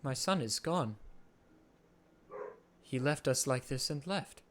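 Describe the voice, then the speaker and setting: Man doing a quiet, aloof ghost king, dazed and soft, mid pitch. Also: lively intonation, slow, slight background noise. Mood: mournful. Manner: aloof, confused, soft-spoken.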